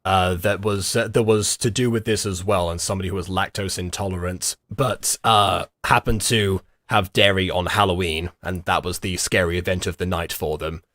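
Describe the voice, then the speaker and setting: A man's voice: low-pitched, fairly even intonation, fairly bright tone, dry recording. Rambling young man with a dry sound. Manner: rambling, halting, with many fillers and giggles. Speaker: streamer reacting to a video. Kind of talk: casual reaction commentary.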